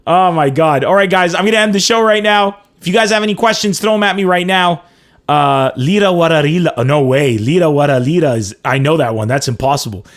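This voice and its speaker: A man hosting a casual live-streamed comedy podcast, chatting excitably, laughing often and reading viewer comments aloud. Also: high voice, fast talker, few pauses. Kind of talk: casual livestream chat with callers and chat.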